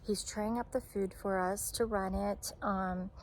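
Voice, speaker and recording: A woman who works as a restaurant server tells a storytime vlog while sitting outdoors in the shade on a hot day. Her medium-pitched voice stays fairly even and a little slow, and her retelling is chatty and candid, full of fillers. There is slight background noise.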